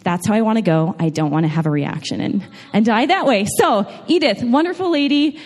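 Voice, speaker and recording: A woman's voice: mid-range voice, expressive, fairly quick, a little mellow. A young woman from New York telling a funny personal story to a live audience, chatty, with frequent laughs and restarts. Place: large room with an audience. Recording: long hall reverb.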